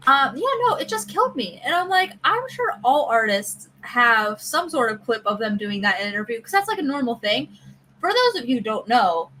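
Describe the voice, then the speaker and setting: A woman from the American South hosting a podcast, chatting casually and telling stories with lively voice play. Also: a little high, a little fast, a little hiss or hum, poor audio. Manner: chatty, animated storytelling with voice play. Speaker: podcast host. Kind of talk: casual chat.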